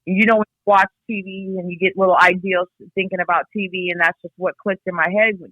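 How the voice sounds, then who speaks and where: A woman's voice: fairly low pitch, steady tone, slightly rough, no echo. Blunt woman on a tinny phone line. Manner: blunt, swears freely, halting and reflective. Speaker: guest, host's sister. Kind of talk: candid personal account.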